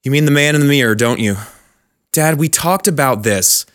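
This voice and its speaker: A man voicing a gentle, weary grown daughter in her thirties in a spoken story. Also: on the high side, normal speed, voice pushed up, close to an everyday voice.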